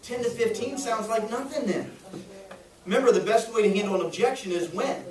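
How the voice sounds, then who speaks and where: A man with a high voice teaches sales to a roomful of trainees, cracking jokes and checking in after nearly every point. He sounds far from the mic in an echoey room, with faint noise behind him. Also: fairly quick, a little mellow. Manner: jokey, keeps checking in with "right?". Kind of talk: training lecture to a group.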